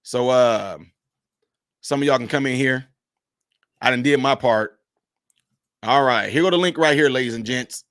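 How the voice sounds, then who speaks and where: A minister's livestream carries his medium-pitched, slightly bright voice, unhurried and marked by long pauses, in a preachy, emphatic, repetitive style. The sound is studio quality with no echo.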